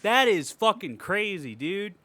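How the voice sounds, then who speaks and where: A man's voice: high voice, sing-song, a little slow, pushed and bright, no room sound. A man hosting a casual podcast chat, profane and ranting, often laughing as he reads out and mocks reviews. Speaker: podcast host.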